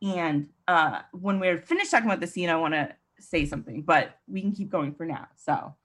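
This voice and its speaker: A woman with a husky, breathy voice hosts a casual podcast chat. She talks loosely, laughs easily and slips into little acted quotes as she recaps scenes. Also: fairly low pitch, animated, normal speed. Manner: chatty, laughs often, acts out quoted lines. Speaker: podcast host.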